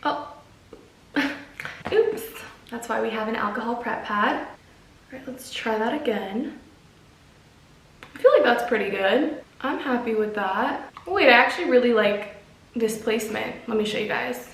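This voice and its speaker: A young woman talks casually to her viewers in a home vlog, chatty and nervous. Her voice sits a little high. It is picked up from a few steps away in a room with echo. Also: expressive, measured pace, vocal fry, long pauses, fairly bright tone, distant mic. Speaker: vlogger.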